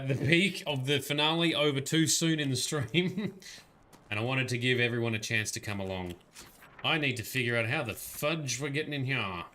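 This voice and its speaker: A man's voice: medium pitch, pushed and bright, slight background noise. A man giving casual gaming-stream commentary, chatting to viewers, swearing and laughing often. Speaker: livestreamer.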